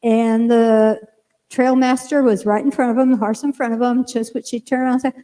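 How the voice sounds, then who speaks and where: An older woman minister preaching a sermon, telling a lively personal story and acting out her own lines in a church sanctuary. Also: a little high, fairly quick. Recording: long hall reverb.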